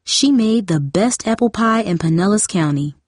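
A woman voicing a weary middle-aged mother who speaks softly and apologetically. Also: mid-range voice, animated, normal speed, dry recording, clean studio sound, natural voice. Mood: warm. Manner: soft, apologetic. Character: tired middle-aged mother, soft and rueful.

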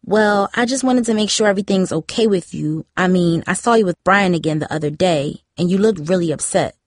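A woman's voice: on the low side, fairly quick, no room sound, clean studio sound, lightly acted. A woman voicing a prying teenage girl who presses insistently. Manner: insistent, needling.

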